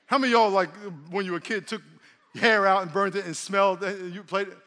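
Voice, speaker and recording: A man's voice: sits high, steady tone, fast talker, sharp tone, big-room sound. A male pastor preaching a sermon, calling on the congregation to respond and slipping in jokes. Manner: preaching with call-and-response and humor.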